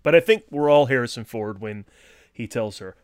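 Animated man in a dry close recording. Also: medium pitch, moderate pace, clear, resonant tone, dry recording. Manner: animated, breaks into shouted impressions. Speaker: podcast co-host. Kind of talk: casual film discussion.

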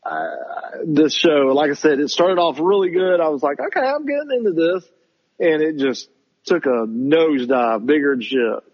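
A man co-hosting a podcast, ranting in casual chat about a show he disliked and mocking it in a high voice. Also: normal speed, highs cut off. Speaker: podcast co-host reviewing shows.

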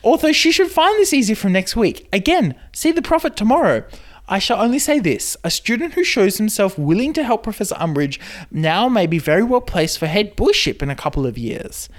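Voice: medium pitch, big pitch swings, a little fast, natural voice. A podcast host reading a letter aloud as a pompous young male wizard, in a stiff put-on British accent.

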